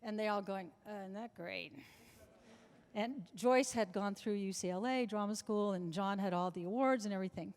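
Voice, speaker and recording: A woman's voice: mid-range voice, a little fast, few pauses, darkish tone. A woman in her seventies, a guest in a live interview before an audience, telling long anecdotes with frequent restarts. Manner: chatty anecdotal storyteller with many restarts. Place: large club function room before an audience. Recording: reverberant hall.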